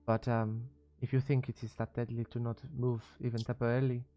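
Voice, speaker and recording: In a tabletop role-play, a man voices a composed woman tech mogul with a fake French accent. His mid-range voice is natural, dark in tone and flat in delivery, and he speaks in a formal, courteous, measured way.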